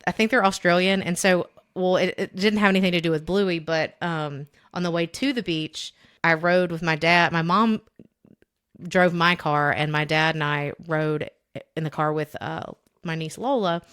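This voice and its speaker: A woman's voice: fairly low pitch, steady tone, moderate pace, a bit bright, smooth. Rambling young woman podcast host. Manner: rambling, filler-heavy storytelling with quoted voices. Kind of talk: casual chat.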